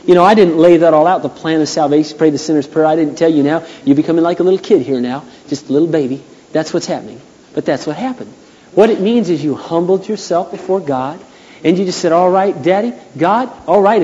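A man pastor preaching a sermon, emphatic and repeating phrases, building to loud preaching. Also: on the high side, highs cut off. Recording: long hall reverb.

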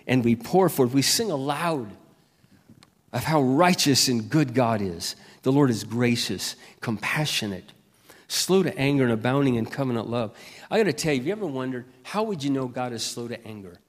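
An older man preaching a sermon with impassioned delivery, dropping to a hush and rising to loud peaks. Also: medium pitch, sing-song, normal speed. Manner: impassioned, swings from hushed to loud. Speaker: pastor. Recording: long reverb of a hall.

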